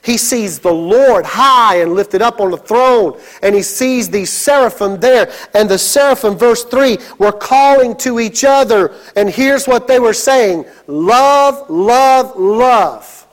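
High-voiced, slow preaching man. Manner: dramatic preaching with sudden shouted exclamations. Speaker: pastor. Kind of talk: sermon.

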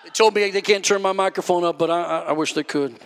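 A man preaching a sermon with passion, often shouting, building to high cries and calling out to the congregation. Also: quick pace, some chatter behind. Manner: calls out to the congregation.

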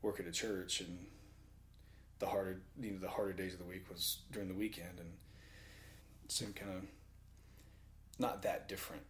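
A man with a fairly low voice talks casually and tells stories with lots of energy. He laughs often as he goes. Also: normal speed, long pauses, a little hiss or hum. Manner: animated storyteller, laughs often. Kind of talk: casual conversation.

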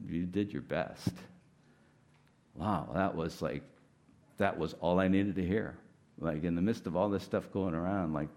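A middle-aged man preaches as a guest speaker in a loose, conversational way. His voice sits fairly low, and he is candid and self-deprecating, leaning often on "like" and "you know". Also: darkish tone. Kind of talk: conversational sermon.

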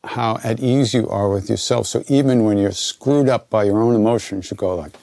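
An older American man with a gravelly voice, answering questions as a spiritual teacher in a relaxed, conversational way that often trails off and restarts. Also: on the low side, fairly quick, hardly any pauses, no echo. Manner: relaxed, conversational, self-interrupting. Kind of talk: informal spoken Q&A teaching.

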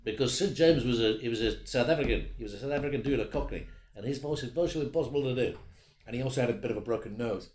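A middle-aged voice actor, chatting in an interview in a self-deprecating way, laughing often. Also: male voice, medium pitch, racing, darkish tone. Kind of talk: casual interview chat. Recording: roomy echo.

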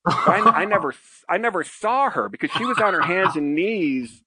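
A man, a former fighter pilot and podcast guest, telling a long casual anecdote in an animated, profane way and often tagging lines with "right?". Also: high voice, normal speed, slight background noise.

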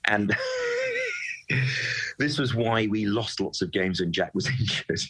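A man with a very deep voice talks football in a podcast conversation. He is passionate and emphatic, and he doubles up his words as he presses his points. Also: normal speed, a bit bright, breathy edge, low-quality recording. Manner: passionate, emphatic, repeats words when worked up. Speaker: football club supporter guest.

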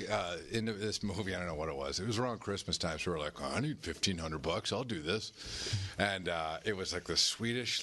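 A man's voice: sits low, pushed and bright. A man co-hosting a comedy podcast on a live stage, telling rambling stories with lots of laughter. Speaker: podcast co-host. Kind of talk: casual comedic chat.

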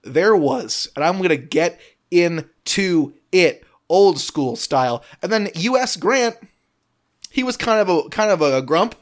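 A man's voice: high voice, expressive, a little slow. A man co-hosting a comedy podcast, rambling through absurd bits in a playful, joking way. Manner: rambling, playful, slips into silly voices. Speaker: podcast co-host.

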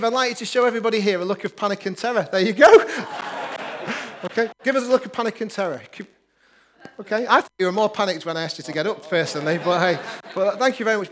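Pastor, male, higher voice, energetic preaching with banter. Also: quick pace. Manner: upbeat, joking with the congregation. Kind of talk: lively sermon.

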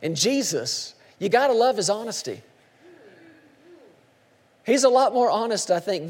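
A male pastor preaching a sermon with emphatic, dramatic swings between hushed lines and shouts. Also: high voice, in a large hall.

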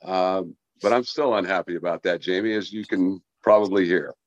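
A man's voice: deep voice, moderate pace, no room sound. A man, a former baseball player, chatting on a podcast and telling long stories with restarts over a dull, dry remote line. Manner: storytelling, rambling with restarts. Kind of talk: casual podcast chat.

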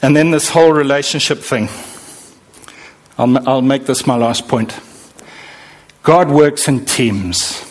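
A man's voice: mid-range voice, takes it slowly, pauses often. A middle-aged man preaching a sermon, emphatic, acting out the voices he quotes. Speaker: pastor.

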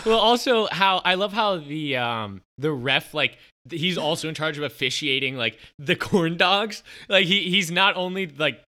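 A man's voice: on the high side, normal speed, few pauses, bright, forceful tone. A man co-hosting a casual podcast, rambling enthusiastically about sports and a comedy film. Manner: rambling, enthusiastic, laughs a lot. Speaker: podcast co-host.

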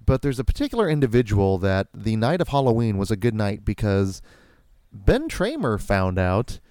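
A man's voice: fairly low pitch, big pitch swings, normal speed, a little mellow, smooth, no room sound, clean studio sound. A man co-hosting a podcast, discussing a horror franchise in a wry, rambling, playful way. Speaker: podcast co-host. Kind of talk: casual movie commentary chat.

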